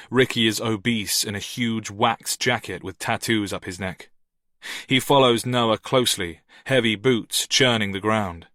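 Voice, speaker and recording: A man narrating a thriller audiobook with steady, tense storytelling. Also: fairly low pitch, unhurried, no echo, clean studio sound. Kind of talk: scripted narration.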